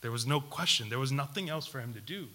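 A man preaching a sermon, putting questions to his listeners and repeating key words for emphasis, swinging between loud and hushed delivery. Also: mid-range voice, quick pace. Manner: asks the audience questions, emphatic repetition.

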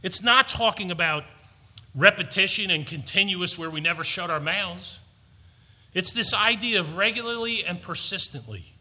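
A man's voice: sits high, moderate pace, bright, forceful tone, in a large hall. A man preaching a sermon, earnest and storytelling, building to emphatic points. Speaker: pastor.

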